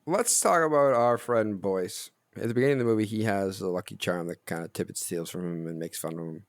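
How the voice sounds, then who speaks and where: Deadpan male podcast host. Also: lowish voice, fairly quick, no echo. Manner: deadpan, asks absurd questions with a straight face. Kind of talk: casual podcast chat.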